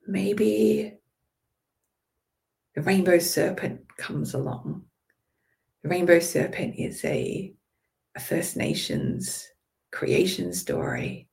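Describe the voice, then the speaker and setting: A woman leading a guided visualization in a drifting, playful way, moving between calm imagery and casual swearing. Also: lowish voice, vocal fry. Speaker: meditation guide.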